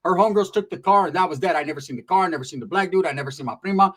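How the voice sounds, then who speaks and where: High-voiced man telling a crude comic story. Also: racing, breathy edge. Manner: profane, animated, acts out voices. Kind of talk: comedic storytelling.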